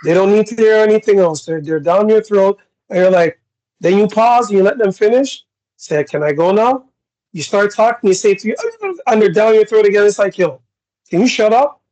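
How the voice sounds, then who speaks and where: Blunt high-voiced Canadian man. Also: a little fast, poor audio. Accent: Canadian English. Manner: blunt, animated, acts out quoted exchanges. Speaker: podcast co-host. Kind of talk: casual podcast chat.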